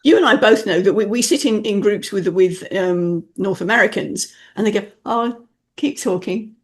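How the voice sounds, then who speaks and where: A woman's voice: mid-range voice, moderate pace. A woman from the UK hosting a podcast interview, telling stories in a playful, chatty way. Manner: animated storyteller, playful. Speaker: podcast host, message clarity specialist. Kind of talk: casual interview chat.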